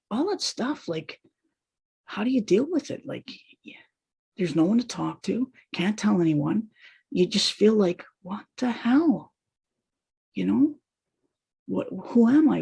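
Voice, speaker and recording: Gravelly, husky woman recounting her childhood. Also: lowish voice, a little mellow. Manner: raw, pained and repetitive, with long trailing lists. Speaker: speaker telling her own story. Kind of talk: personal testimony monologue.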